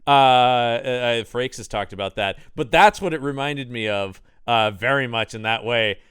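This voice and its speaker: A man co-hosting a podcast, chatting casually about a movie in an expressive, wry way. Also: medium pitch, clear, resonant tone, dry recording, clean studio sound. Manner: expressive, wry, quick to agree and riff. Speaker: podcast co-host. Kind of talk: casual movie review chat.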